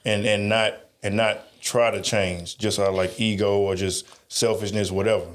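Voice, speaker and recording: A man's voice: lowish voice, flat delivery, normal speed. A man co-hosting a podcast in casual chat, talking emphatically and often repeating his agreement. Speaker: podcast co-host.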